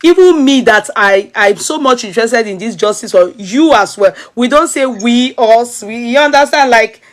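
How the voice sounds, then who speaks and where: A woman's voice: on the high side, expressive, moderate pace. A Nigerian woman hosting a commentary chat, switching into Yoruba and asking pointed questions, laughing often. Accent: Nigerian, mixing Yoruba.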